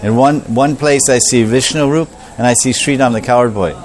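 A man's voice: mid-range voice, fairly quick, natural voice. A man voicing a proud male creator god who muses aloud to himself in a sermon story. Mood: musing.

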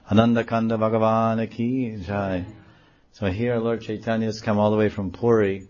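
Low-voiced man telling a devotional story. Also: highs cut off. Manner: animated, acts out quotes in the story. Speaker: religious storyteller.

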